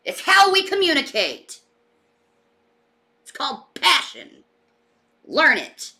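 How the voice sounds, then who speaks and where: A woman's voice: sits high, wildly swooping pitch, slow pace, bright, forceful tone. A woman streamer venting angrily and swearing on a livestream, heated and defensive. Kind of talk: angry livestream rant.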